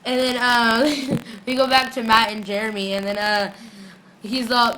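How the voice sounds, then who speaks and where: A young woman talks through an episode in a loose, chatty way, laughing often and jumping into little quoted voices. Her tone is bright and sharp, recorded on a phone with a faint hiss underneath. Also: a little high, rough recording. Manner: giggly, animated, mimics characters in quick quoted voices. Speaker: fan vlogger recapping a TV episode. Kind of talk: casual chatty recap.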